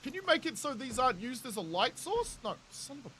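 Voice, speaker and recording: A man's voice: extremely high pitch, big pitch swings, quick pace, pushed and bright, slight background noise. A man in his thirties with a New Zealand accent, chatting with viewers in casual, jokey gameplay commentary, laughing often and swearing freely. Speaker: game streamer.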